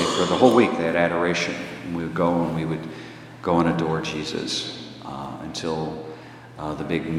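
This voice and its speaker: A man preaching in a conversational storytelling way, his pitch rising when he drives a point home. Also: a little hiss or hum. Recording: echoey hall with long reverb.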